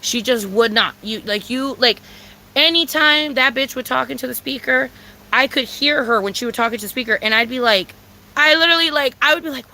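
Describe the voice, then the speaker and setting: Speaking a little fast in a high-pitched voice, a woman launches into a storytime rant that is blunt, profane and repetitive, packed with fillers. She gets animated and breaks into sudden loud outbursts, all on poor-quality audio.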